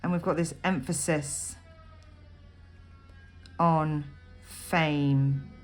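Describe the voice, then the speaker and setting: A woman teaching a poem in a recorded lesson, thinking aloud with frequent ums and pausing as she annotates notes on the page. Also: low voice, steady tone, faint music behind. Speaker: literature teacher. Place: at a desk writing notes.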